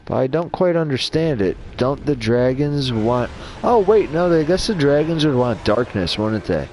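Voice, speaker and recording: A man's voice: medium pitch, lively intonation, moderate pace, a little mellow, slight background noise. A man casually rambling and swearing as he talks through game lore over his gameplay. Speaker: gaming channel host.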